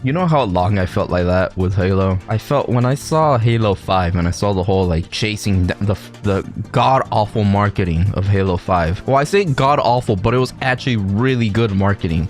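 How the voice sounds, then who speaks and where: A man's voice: fairly low pitch, moderate pace, hardly any pauses, faint music behind. A man hosting a reaction video, talking casually with rambling asides, laughter and self-interruptions. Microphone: desk mic, no webcam.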